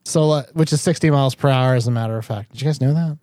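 A man's voice: medium pitch, fast talker, mellow, no room sound, clean studio sound. A man hosting a comedy podcast, joking sarcastically in casual chat and laughing often.

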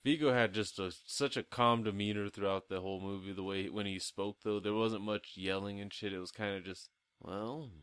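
A man's voice: lowish voice, fairly even intonation, a little fast, few pauses, a bit bright, smooth, no room sound. A young man co-hosting a casual movie review podcast, talking crudely and profanely and laughing often. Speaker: podcast co-host.

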